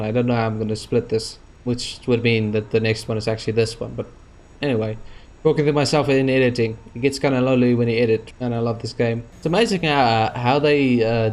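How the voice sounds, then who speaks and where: A man's voice: medium pitch, darkish tone. A man giving rambling let's-play commentary over a space game, with many fillers and restarts. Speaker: gaming YouTuber.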